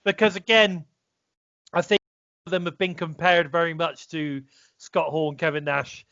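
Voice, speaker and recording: A man's voice: on the high side, steady tone, a little slow, a bit bright, no echo. A British man co-hosting a casual wrestling review podcast, rambling with many fillers and restarts. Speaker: podcast co-host. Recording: dull, slightly lo-fi dry sound.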